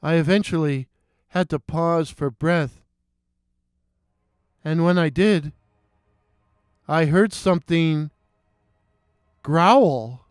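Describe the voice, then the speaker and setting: Slow, dramatic male horror narrator. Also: fairly high pitch, fairly even intonation, darkish tone, clear, resonant tone, dry recording, clean studio sound. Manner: dramatic, halting, with nervous restarts. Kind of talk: first-person horror story narration.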